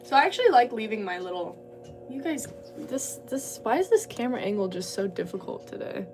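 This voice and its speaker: Thinking aloud at her potter's wheel, this woman rambles through a casual livestream chat. Her fairly high, slightly mellow voice moves quickly and swings widely in pitch, with faint music behind it. A distant mic captures background noise too.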